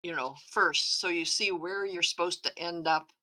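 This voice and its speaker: A woman's voice: fairly low pitch, fairly even intonation, moderate pace, sharp tone. A woman co-hosting a drawing lesson, adding brief comments and tips. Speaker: co-host. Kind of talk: casual chat during a lesson.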